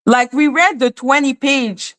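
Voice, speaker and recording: In a high, bright-ish voice and a slightly slow delivery, a woman hosting a commentary channel vents about a court case. Her rant comes as exasperated, profane rhetorical questions, spoken with a slight non-native accent.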